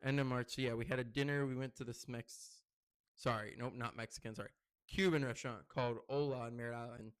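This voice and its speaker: Talking fast in a smooth voice with no echo, this young podcaster rambles through stories on his own show. Fillers pepper his casual chat, and excitement makes him louder and higher in pitch.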